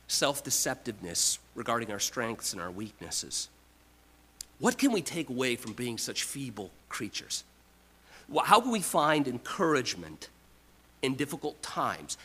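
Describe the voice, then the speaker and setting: A man delivers a sermon in a bright, forceful voice, taking his time over every phrase. He presses on key lines with emphatic restarts and lets others fall nearly to a hush. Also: mid-range voice, breathy edge, poor audio. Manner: emphatic preaching with repeated restarts, swings from loud to quiet. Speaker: pastor.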